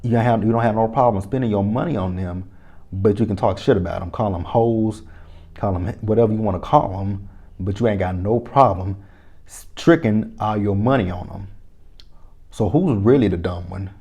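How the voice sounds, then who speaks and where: A man recapping a TV episode in a casual, profane, animated way, reacting aloud to each scene. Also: fairly low pitch, normal speed, slightly rough. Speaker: TV episode reviewer.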